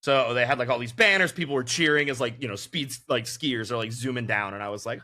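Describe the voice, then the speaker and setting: Bright-voiced man telling stories. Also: medium pitch, fast, few pauses. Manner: animated anecdotes, laughs often. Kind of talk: casual chat, storytelling.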